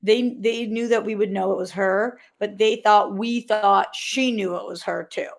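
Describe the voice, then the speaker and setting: A woman's voice: mid-range voice, steady tone, measured pace, gravelly. A woman co-hosting a casual chat, explaining her view in a casual, wry way. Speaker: podcast co-host.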